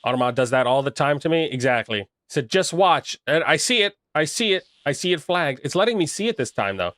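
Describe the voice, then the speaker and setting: A man's voice: a little high, expressive, quick pace, fairly bright tone, no room sound. A young man chatting casually on a live stream, rambling and making crude jokes while reacting to chat. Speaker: livestreamer reading chat.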